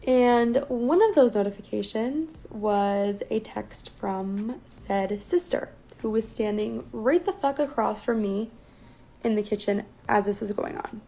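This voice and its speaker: A young woman telling a personal story as a guest in a casual, profane, animated way. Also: on the high side, a little slow, rough recording.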